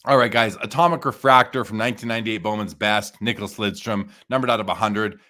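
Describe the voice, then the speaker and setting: A man's voice: fairly low pitch, fairly bright tone. A man hosting a podcast, chatting casually and enthusiastically about card listings. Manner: chatty, enthusiastic, with frequent restarts. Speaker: podcast host. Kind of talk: casual chat reviewing listings.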